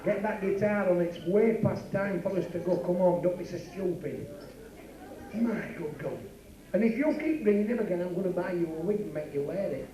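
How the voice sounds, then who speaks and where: Yorkshire club comic, brash teasing patter, fairly high voice, echoey room, crowd in the back. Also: male voice, moderate pace. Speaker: club comedian and compère. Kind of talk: live club comedy double act. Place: working men's club stage. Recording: echoey club recording from far off. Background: live audience.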